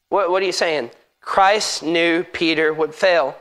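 A pastor preaching a sermon in church, emphatic and asking the congregation direct questions. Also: male voice, fairly high pitch, fairly even intonation, normal speed, fairly bright tone.

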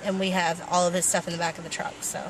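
A woman's voice: fairly low pitch, level tone, fast talker. A woman chatting playfully and teasing her partner while vlogging from a car. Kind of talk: casual vlog chat. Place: car and store. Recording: noisy car and street recording.

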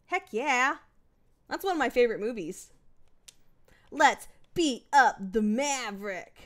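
A woman's voice: fairly high pitch, lively intonation, slow, a bit bright. A young woman streaming a video game, chatting playfully with a giggly, theatrical manner. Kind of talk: casual let's-play commentary.

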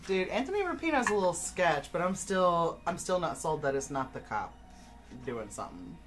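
Woman player at a game table; chatty, filler-heavy storyteller, low register. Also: sing-song, normal speed, faint music behind. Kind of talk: casual chat.

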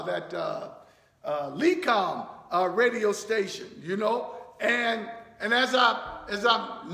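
A man preaching a sermon as pastor, repeating phrases and restarting words, now and then rising into shouts. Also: very high voice, gravelly. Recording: echoey hall reverb.

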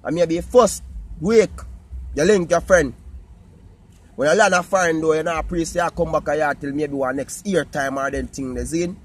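A man with a Jamaican accent talking casually to his viewers in patois, animated and repetitive. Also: fairly high pitch, normal speed, husky. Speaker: vlogger. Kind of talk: casual talk to camera.

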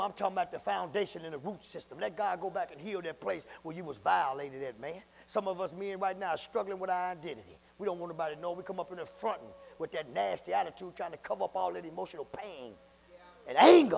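A man preaching a sermon as pastor, calling out to the congregation and often breaking into shouts. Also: high-pitched, fast talker, gravelly, hardly any pauses, long reverb tail. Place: church sanctuary. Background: church congregation.

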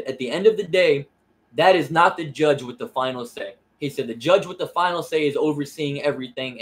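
A young man casually telling a personal story, emotional and profane, often repeating "I said" and "you know what I mean.". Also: mid-range voice. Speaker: vlogger.

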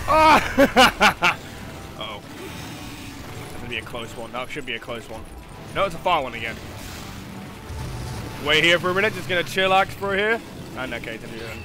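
A man giving casual gameplay commentary, excitable, often laughing and shouting at near misses. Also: medium pitch. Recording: game music playing loudly underneath.

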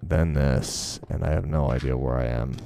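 A man's voice: a bass voice, normal speed, gravelly, very noisy. A young man giving casual, profane, rambling commentary while playing a game, mocking himself as he goes. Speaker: gaming video host.

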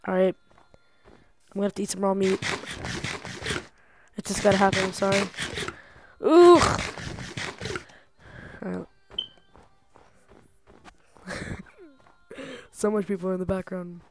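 A young woman giving casual gameplay commentary, excitable and talking to herself, swearing and laughing often. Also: mid-range voice, slow pace, pauses often, slight background noise. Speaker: gamer.

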